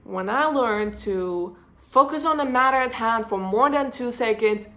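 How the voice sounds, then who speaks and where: A woman voicing her male pet dog as a raspy, masculine, threatening figure. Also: on the high side, measured pace, a bit bright.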